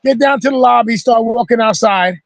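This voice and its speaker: A man hosting a casual video call, telling stories in an animated, profane way. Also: very high voice, fairly quick, gravelly, no echo. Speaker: host. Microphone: video call mic.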